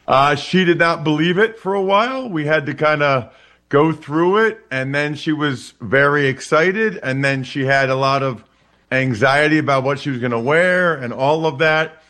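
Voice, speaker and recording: A man's voice: on the high side, moderate pace, bright, forceful tone. A man in his forties from Pennsylvania, a former football player telling rambling anecdotes in a casual interview, often restarting and repeating words. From Wyomissing, Pennsylvania, USA. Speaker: guest, former NFL player.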